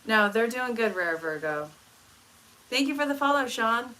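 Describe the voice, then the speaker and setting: A woman reading tarot on a live stream, answering viewers' questions in a casual, chatty way with dry, deadpan humor. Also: a little high, moderate pace, rough recording. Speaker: tarot reader and life coach.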